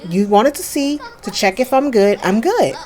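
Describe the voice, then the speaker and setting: A woman's voice: on the high side, lively intonation, moderate pace, a little mellow, natural voice. A woman voicing a defiant fifteen-year-old sister in a life-sim game, sounding curt and dismissive.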